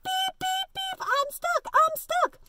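A woman voicing a small, friendly little blue truck in a high, squeaky, beeping voice for a children's story time. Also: takes it slowly, recorded from a distance, very noisy. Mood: panicked.

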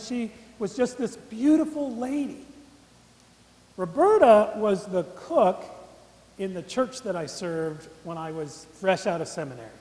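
A middle-aged man gives a sermon as a college chaplain, often turning questions to his listeners. His voice sits high for a man. The sound rings out in a large, echoing chapel. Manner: interactive, asks the congregation questions. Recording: echoey chapel with long reverb.

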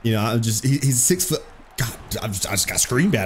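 A young man giving excitable, profane live commentary over his own football video game match, trash-talking his opponent. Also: mid-range voice, a little fast, faint music behind. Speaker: gaming streamer.

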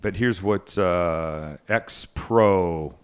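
A man's voice: sits low, drawn-out words, clean tone. A man hosting a cooking livecast, chatting casually and joking with his co-hosts in a rambling, self-interrupting way. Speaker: cooking show host. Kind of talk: casual chat on a live podcast.

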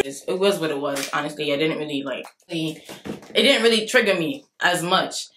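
A young adult woman talking in a casual storytime vlog, dramatic and animated, laughing things off and acting out what people said. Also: on the low side, a little fast. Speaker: vlogger.

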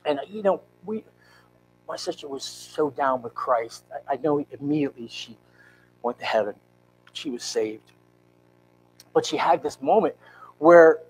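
A man in his fifties, a pastor, telling an emotional personal story in a church sermon with earnest, halting restarts. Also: a little high, expressive, a little mellow, husky, low-quality recording. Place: church sanctuary.

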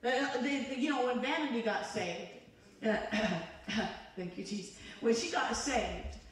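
A woman evangelist's high, animated voice moves at a measured pace as she preaches in a church sanctuary. Her sermon is fervent and conversational, built on call-and-response with the congregation, and the sound comes from a distance in an echoey church hall.

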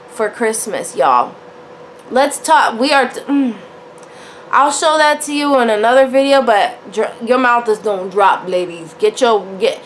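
A woman's voice: fairly high pitch, fairly bright tone, slight background noise. A woman talking casually to camera about her jewelry, chatty and full of fillers, calling the viewers y'all and honey. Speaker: jewelry vlogger. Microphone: camera on a tripod.

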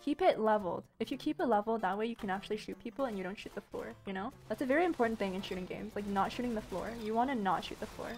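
A woman giving live gameplay commentary at home, excitable, shrieking and exclaiming and making gun noises as she plays. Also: medium pitch, very fast, hardly any pauses, soft background music. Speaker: gaming YouTuber.

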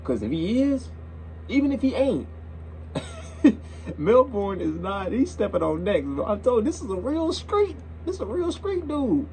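A man's voice: high-pitched, very animated, unhurried, darkish tone, slight background noise, low-quality recording. A young man hosting a reaction video, talking in a casual, slangy way and repeating himself as he gets worked up.

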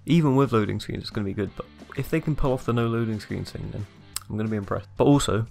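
A man's voice: on the low side, fast talker, gravelly, a little mellow, soft background music. A man casually retelling a game demo in an upbeat, rambling way, filled with acted-out quotes. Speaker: gaming YouTuber. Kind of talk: excited casual commentary.

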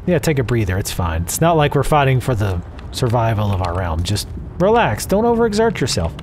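A gameplay commentator with a Southern accent talks fairly quickly in a slightly mellow mid-range voice with big pitch swings, over slight background noise. Using a home desk mic for his casual let's play, he's sarcastic, cursing, and prone to rambling tangents.

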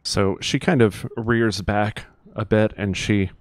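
A man narrating a tabletop game as game master, pausing often with fillers. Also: fairly low pitch, steady tone, dry recording. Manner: hesitant, many fillers.

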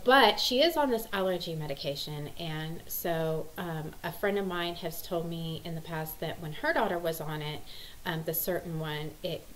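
A woman's voice: low-pitched, a little hiss or hum, poor audio. A woman, a mom vlogging in a rambling, casual chat full of ums. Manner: chatty, rambling, lots of ums.

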